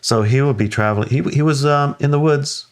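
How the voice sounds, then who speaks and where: A man in casual conversation, telling a story in an animated way and acting out quoted lines. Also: mid-range voice, fairly quick. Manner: animated, acts out quotes in raised voices, laughs often.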